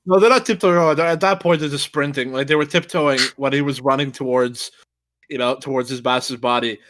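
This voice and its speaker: A young man riffing casually on a video with a co-host, excitable and swearing, repeating words as he goes. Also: medium pitch, fairly quick, background noise.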